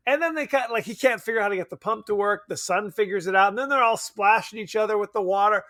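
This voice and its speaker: A man co-hosting a podcast in casual chat, animated, laughing often and swearing casually. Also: sits high, fast. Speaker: podcast co-host. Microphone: remote podcast mic.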